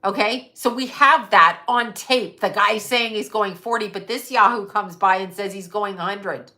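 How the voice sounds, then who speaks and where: This middle-aged host's voice is medium-pitched, bright, and forceful, moving at normal speed. On her casual livestream she rants bluntly with profanity and reads out comments from viewers.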